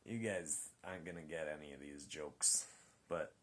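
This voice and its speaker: A man's voice: rumbling low, normal speed, fairly bright tone. A man chatting into his phone at home late at night while he stretches, joking and mocking himself, and trailing off mid-thought. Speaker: vlogger reviewing a show. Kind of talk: rambling casual chat while stretching.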